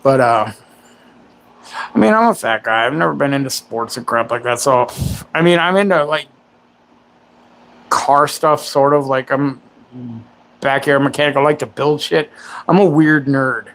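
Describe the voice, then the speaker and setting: A man's voice: mid-range voice, measured pace, vocal fry, long pauses, fairly bright tone. A man in his forties hosting a livestream. He rambles in casual chat and makes crude, self-mocking jokes. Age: 40s. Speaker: livestream host.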